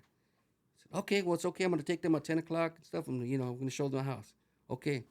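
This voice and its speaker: Middle-aged male guest, animated storyteller, gravelly and quick. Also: a little high. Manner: profane, animated, acts out dialogue with Spanish phrases. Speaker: interview guest. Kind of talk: casual storytelling.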